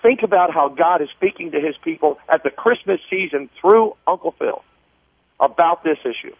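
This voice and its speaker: A fervent, preacherly man heard over a tinny, narrow phone line, his voice a bit high and dry. He presses his points hard, stacking repeated words as he builds toward each one. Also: animated, moderate pace, creaky, husky, no echo. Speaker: political guest on a call-in. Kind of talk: phone interview. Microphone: telephone.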